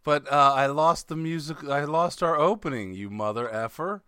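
A man's voice: on the high side, moderate pace, bright, forceful tone, clean tone, no room sound, clean studio sound. A man in his fifties from Pennsylvania hosting a casual podcast chat, jokey and playful, swearing casually. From Pennsylvania, USA. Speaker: podcast host.

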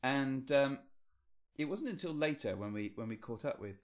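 Animated British man joking around. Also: medium pitch, moderate pace. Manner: joking, animated, with playful outbursts. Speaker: podcast co-host. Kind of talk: casual chat.

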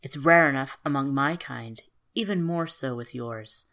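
A woman doing a low, soft-spoken male fairy. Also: unhurried, heavily acted. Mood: quiet, gentle.

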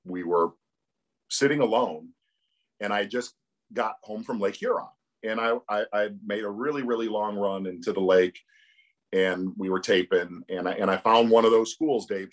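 A middle-aged man, a tournament commentator, telling stories with animation and laughter in a casual interview. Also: on the low side.

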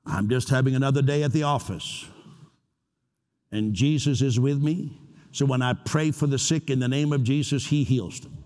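A pastor preaching in a relaxed, conversational way, with joking asides, easing into prayer. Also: male voice, mid-range voice, normal speed. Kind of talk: sermon.

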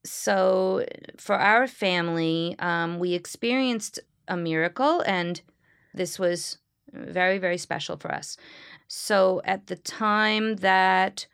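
A woman, a Reformed Jewish clergy member, speaking in a reflective interview with a smile in her voice and earnest, halting storytelling. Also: mid-range voice, fairly bright tone, clear, resonant tone, no room sound, clean studio sound. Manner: smiling, earnest storytelling with frequent pauses and restarts. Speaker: Reformed Jewish clergy leading healing services.

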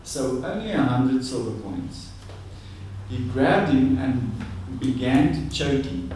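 A man preaching a conversational, animated sermon. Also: medium pitch, slow, a little hiss or hum. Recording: echoey room, distant mic.

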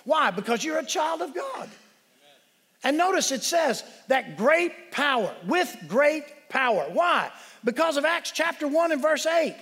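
A man preaching a sermon as pastor, telling a story with emphatic shouted peaks. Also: very high-pitched, big pitch swings, a little slow. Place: church sanctuary. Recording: long reverb of a church hall.

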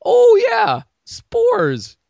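A man voicing a dim-witted, sleepy tree that forgot about its deadly spores, in a slow, dopey way. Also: very high voice, huge pitch swings, gravelly, darkish tone, no echo, highs cut off, pitched above the performer's own voice, full character voice.

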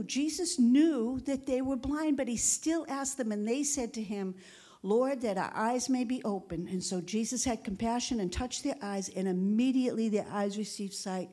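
A woman pastor delivers a sermon in a voice pitched a little high. She preaches emphatically, calling out for amens and sinking to a hushed whisper for quotes. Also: normal speed. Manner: emphatic preaching with frequent call-outs for amen.

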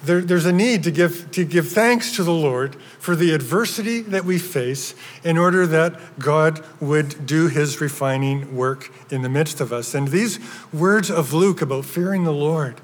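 A man's voice: fairly high pitch, unhurried. A man preaching a sermon as pastor, earnest, with frequent restarts and building emphasis. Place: church sanctuary. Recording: long hall reverb.

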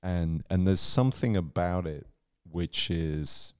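A man's voice: sits low, smooth, dry recording, studio quality. A man co-hosting a podcast, rambling and restarting as he muses in casual chat. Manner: rambling, halting, many restarts. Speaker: podcast co-host.

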